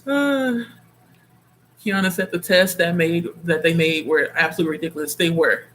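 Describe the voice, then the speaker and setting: Chatty woman streamer, expressive and digressive. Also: lowish voice, normal speed, a little hiss or hum. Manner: chatty and digressive, reads viewer comments aloud; expressive, laughs often. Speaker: livestream host of a reading session. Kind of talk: casual chat with viewers.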